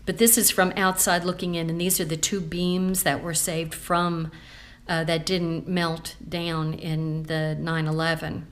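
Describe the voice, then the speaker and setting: A chatty woman walks through a scrapbook page by page. Her voice sits a little low, and she rambles warmly with plenty of ums and asides. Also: little pitch movement, unhurried. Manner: chatty and rambling, with many fillers. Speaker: scrapbooking consultant. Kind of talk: casual show-and-tell vlog.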